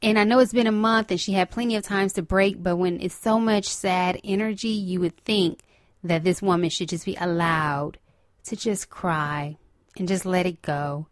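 A woman's voice: fairly low pitch, steady tone, normal speed, no echo, clean studio sound. A woman hosting her own podcast, chatting alone in an emotional, earnest way and repeating phrases for emphasis. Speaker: podcast host. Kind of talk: solo casual chat.

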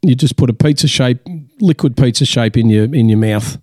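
A man, co-hosting a casual beer podcast, rambling with lots of halting restarts. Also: mid-range voice, darkish tone, no echo. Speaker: podcast co-host. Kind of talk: casual chat.

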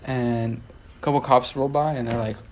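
Man from New York, guest artist, relaxed rambling storyteller, faint background hiss. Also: mid-range voice, moderate pace. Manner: relaxed, rambling, laughs often. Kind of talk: casual storytelling.

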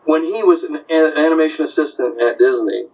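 A man who works as an animation story artist, chatting casually and telling animated anecdotes. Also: a little high, fairly quick. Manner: animated storyteller, slips into character voices. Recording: distant, dull lo-fi audio.

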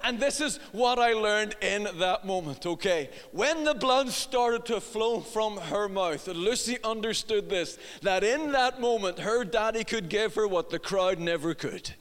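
With a high, slightly bright voice, the pastor speaks a little slowly and with few pauses, his intonation lively. The middle-aged man tells a funny personal family story in his sermon, acting out voices and laughing at his own humor, all within a hall's long reverb.

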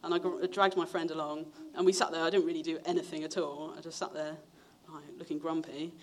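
In a sermon, a young preacher recounts his testimony conversationally, his flat voice moving a little fast over some faint hiss or hum. Quoted people get their own acted-out voices, marked by big pitch jumps.

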